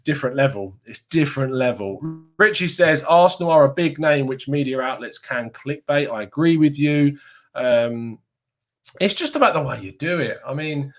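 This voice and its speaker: A man's voice: mid-range voice, animated, moderate pace. A young man from Kent with a southeast English accent, hosting a casual live stream and reading viewer comments aloud with frequent laughs. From Kent, England. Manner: chatty, laughs often, reads comments aloud. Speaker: fan channel host reading live chat.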